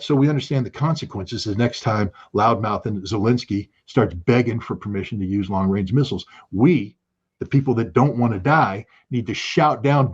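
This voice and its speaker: A man's voice: fairly low pitch, a little mellow, husky. A man giving impassioned political commentary, emphatic and rising to urgent outbursts. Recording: dull lo-fi sound.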